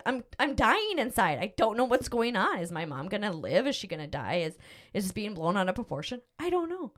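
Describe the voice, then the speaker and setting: A middle-aged woman hosting a podcast, telling a personal story in a rambling, emotional way with lots of fillers. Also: medium pitch. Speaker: podcast host. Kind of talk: casual storytelling chat.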